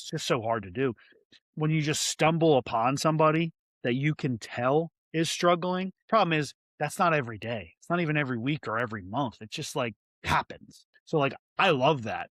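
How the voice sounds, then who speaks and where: A man's voice: a little high, expressive, normal speed, fairly bright tone, no room sound, studio quality. A man guest on a podcast, talking candidly and earnestly, with restarts and many fillers. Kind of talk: candid interview talk.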